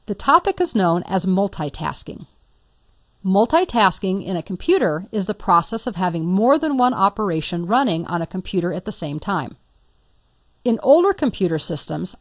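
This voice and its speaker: Woman, computer instructor, conversational, playful, mid pitch, dry close recording. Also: no echo. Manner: conversational, playful teaching with story examples. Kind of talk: recorded lecture.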